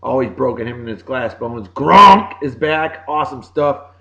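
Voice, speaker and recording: A man with a Boston accent hosting a casual show, giving upbeat, jokey birthday shout-outs. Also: mid-range voice, expressive, moderate pace, gravelly, muffled recording. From Massachusetts. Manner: upbeat, jokey, sing-song greetings. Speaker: podcast host.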